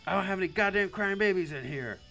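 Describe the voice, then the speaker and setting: A man's voice: sits high, lively intonation, quick pace, vocal fry, sharp tone, faint music behind, voice pushed up, heavily acted. A man voicing a foul-mouthed adult male drill-sergeant teacher who barks insults and orders in a visual novel. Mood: menacing. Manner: barking orders, insulting, commanding.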